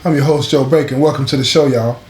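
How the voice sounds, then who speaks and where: A man's voice: mid-range voice, steady tone, fast talker, darkish tone. Man telling a story in an echoey room. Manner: conversational, street slang. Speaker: host. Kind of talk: casual storytelling.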